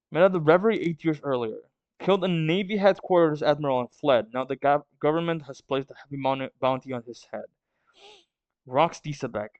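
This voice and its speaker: A man's voice: on the high side, no room sound, dull audio. A man hosting a manga reaction video, reading the chapter aloud and thinking aloud about it.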